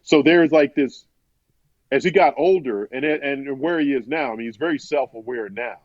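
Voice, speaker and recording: A man's voice: mid-range voice, moderate pace, no echo. A man, a sportswriter, telling an interview story in a rambling conversational way, often restarting and quoting others. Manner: rambling, many restarts, quotes others in his own voice. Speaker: sportswriter guest. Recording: dull, dry podcast audio.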